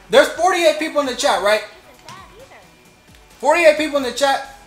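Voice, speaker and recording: A man streaming a fighting game, giving excitable running commentary and trash talk between laughs. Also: extremely high pitch, moderate pace, long pauses. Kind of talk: live gameplay commentary. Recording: roomy echo with faint game music.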